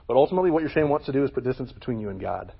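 A man's voice: mid-range voice, expressive, racing, gravelly, slightly rough, lo-fi sound. A man leading a casual Bible lesson for a youth group, talking to them with frequent "okay?" check-ins.

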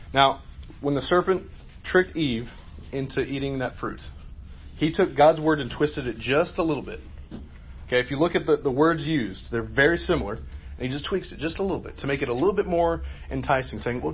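A man's voice: mid-range voice, fairly quick, highs cut off, slight background noise. A man leading a group Bible study, asking questions and explaining in a conversational, emphatic way.

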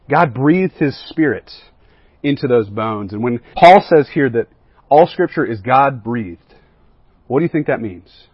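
A man with a husky, breathy voice teaches a Bible lesson to a group, often checking in with "right?" along the way. The sound is dry and close, with no room echo, but a little dull and muffled. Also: mid-range voice. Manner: keeps asking the group questions and checking in with "right?" and "okay?".

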